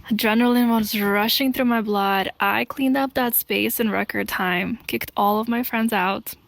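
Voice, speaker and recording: A woman speaks in a slightly high voice and tells her own story as a confessional. She talks slowly and deliberately, setting each short phrase apart. Her voice has a gravelly fry, and the recording is dry and close. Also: no room sound. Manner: earnest, deliberate, pausing between short phrases.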